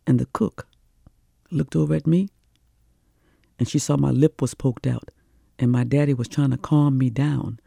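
Older woman storyteller, warm gravelly voice, rhythmic and animated delivery. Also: very deep voice, moderate pace, pauses often, dry recording, clean studio sound. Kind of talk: oral storytelling performance.

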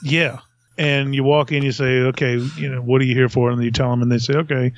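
A man's voice: medium pitch, level tone, brisk. A middle-aged man hosting a podcast, telling a rambling, self-mocking story in a casual way and laughing at himself. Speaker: podcast host.

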